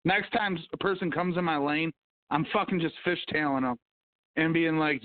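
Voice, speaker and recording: On his casual livestream podcast, a man whose voice sits on the high side reads the news and comments at a moderate pace, swearing, ranting, and humming along to himself. The audio is dry and tinny, much like a phone line.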